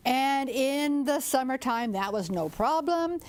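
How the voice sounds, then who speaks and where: An older woman from southern Indiana, telling a folktale in a lively, expressive way. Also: high voice, unhurried. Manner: lively, expressive, audience-engaging. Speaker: storyteller.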